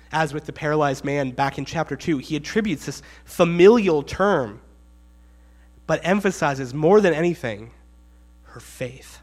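A man's voice: a little high, brisk. A man preaching a sermon in a conversational way, reading scripture and acting out the quotes with rising emphasis.

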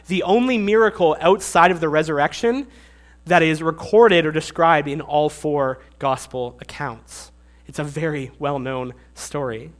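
A young man preaching a sermon, animated, acting out the disciples with sarcastic asides. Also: on the high side.

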